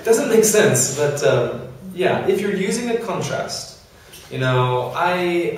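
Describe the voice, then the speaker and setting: A man's voice: high voice, very animated, takes it slowly, hardly any pauses. A man teaching an English grammar lesson to a class, explaining with many examples and fillers. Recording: echoey classroom from far off.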